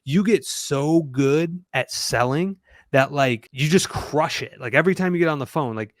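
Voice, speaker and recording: A man's voice: on the high side, normal speed, dry recording, clean studio sound. A man coaching a small business owner, direct and challenging, speaking from his own experience. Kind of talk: coaching conversation.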